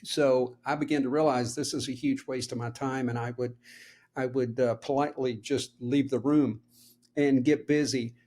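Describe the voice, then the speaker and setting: A man's voice: medium pitch, fairly even intonation, normal speed. A man co-hosting a podcast, telling anecdotes and giving advice in a casual, storytelling manner. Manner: warm storyteller, laughs easily. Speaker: podcast co-host.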